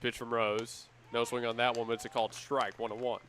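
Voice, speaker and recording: A man with a mid-range voice calls baseball play-by-play live, keeping a measured pace between pitches and picking up energy on big plays. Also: level tone, fairly bright tone, a little hiss or hum. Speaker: play-by-play announcer.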